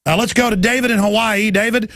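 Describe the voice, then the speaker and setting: A man's voice: sits high, steady tone, fast, vocal fry, a bit bright, no echo, clean studio sound. A man hosting a talk radio show, delivering an urgent, rambling monologue and calling his listeners folks.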